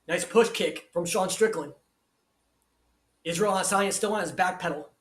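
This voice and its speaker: High-voiced man calling a fight, foul-mouthed. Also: moderate pace, echoey room. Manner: crude, loud, hyped, swears constantly. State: shouting with excitement. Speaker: live stream commentator. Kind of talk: profane live fight commentary and chat reading.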